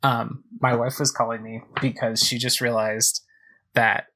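A man hosting a gaming podcast, chatting excitedly and thinking aloud as he plays. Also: mid-range voice, measured pace, rough recording. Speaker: podcast host playing a video game. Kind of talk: casual let's-play commentary. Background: game music.

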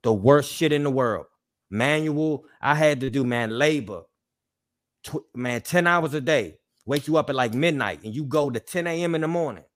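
A man's voice: medium pitch, animated, moderate pace. A young man co-hosting a podcast, talking in an emotional, apologetic, profane way with lots of repetition. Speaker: podcast co-host. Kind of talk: emotional personal monologue.

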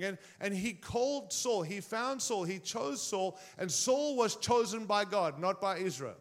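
A man's voice: high-pitched, animated, normal speed, few pauses, fairly bright tone. A man preaching a sermon in a conversational way, often turning to the congregation with direct questions.

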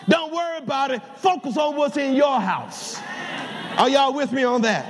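High-voiced older preacher in a reverberant church. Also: male voice, animated, moderate pace, slight background noise. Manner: folksy, storytelling, shouts at peaks. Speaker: pastor. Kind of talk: preaching a sermon. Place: large church sanctuary. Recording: live church sound with long hall reverb.

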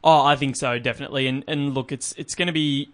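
A man's voice: medium pitch, steady tone, fast talker. A young man hosting a casual sports chat, rambling with frequent restarts. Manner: rambling, many restarts and "look" fillers. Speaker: podcast host.

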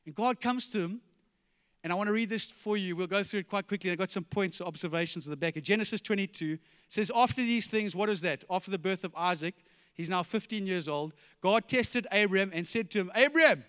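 A pastor preaching an animated sermon, firing rhetorical questions and dropping to quiet emphasis, in a church. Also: male voice, high-pitched, fairly quick, clear, resonant tone, big-room sound.

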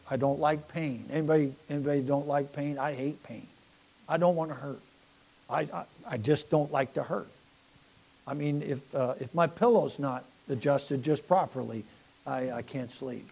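A middle-aged man preaching a folksy sermon, rambling and self-deprecating, stumbling over repeated words and swinging from quiet asides to loud points. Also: fairly high pitch.

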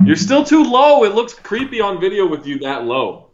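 Sarcastic male podcast co-host, mid-pitched with a bouncing, animated delivery; slightly dull lo-fi sound. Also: normal speed. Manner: lively, sarcastic, off-the-cuff. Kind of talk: casual chat.

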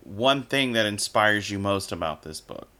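A man hosting an interview, asking questions in a slow, drawn-out way. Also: on the low side, expressive, pushed and bright. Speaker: interview host. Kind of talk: casual interview talk.

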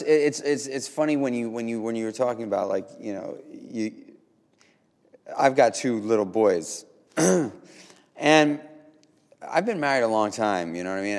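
Male podcast host, fairly low and gravelly, relaxed, halting delivery; reverberant room. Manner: halting, repeats words, laid-back. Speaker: podcast host, father of two. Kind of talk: casual interview chat.

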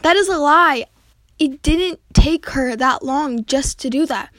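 Woman reading a smug tattling schoolgirl, high voice, dry close recording. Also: a little slow, fairly bright tone, dry recording. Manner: smirking, tattling.

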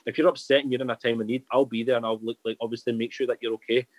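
A podcast guest, a man, talks quickly in a loose, candid ramble, circling back on his own points. His voice is dry and close, with no room around it. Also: medium pitch, little pitch movement, a little mellow, dry recording, rough recording. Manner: rambling, candid, restarts a lot. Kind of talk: casual chat.

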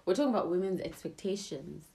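Giggly young woman, lowish voice. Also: animated, fast talker, creaky, dark tone. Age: young adult. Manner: giggly, rambling with many likes. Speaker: podcast co-host. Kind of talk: casual chat. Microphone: phone.

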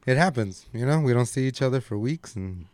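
A man's voice: medium pitch, expressive, brisk, a little mellow, dry recording. A man who co-hosts a podcast, chatting casually, laughing often and chiming in with short agreements. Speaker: podcast co-host. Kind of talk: casual chat.

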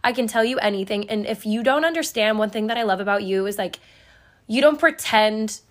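A woman's voice: mid-range voice, brisk. A young woman co-hosting a podcast, chatting casually with lots of "like" fillers, rambling and emotional. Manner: rambling, many "like" fillers, gets choked up. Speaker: podcast co-host. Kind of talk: casual chat.

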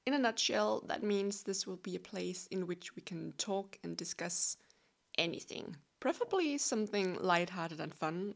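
A young Danish woman in her twenties talks through a laid-back solo podcast, her low voice carrying a gravelly edge. She is chatty and playful and pokes fun at herself, and her English has a clear Danish accent. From Denmark. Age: 20s. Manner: chatty, self-deprecating and playful. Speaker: podcast host. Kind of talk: relaxed solo podcast monologue.

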